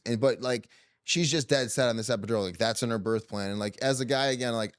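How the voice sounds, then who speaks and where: A man's voice: mid-range voice, fast talker, smooth. A man hosting a podcast, telling a story in a loose, joking casual chat. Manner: loose and joking, heavy use of "like". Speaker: podcast host.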